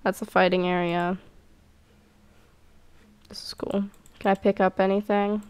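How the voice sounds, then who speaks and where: Playing a cat-clan game, this female commentator speaks at a measured pace in a smooth, medium-pitched, level voice. She voices the characters' lines, answers them with sarcasm, and lets a curse slip occasionally.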